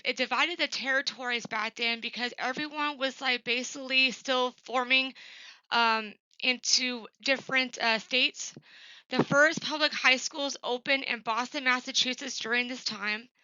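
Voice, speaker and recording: A woman gives a recorded class presentation for her professor, speaking plainly and earnestly with frequent ums and uhs. Her high voice has a sharp, smooth tone, with no room sound and lo-fi audio quality.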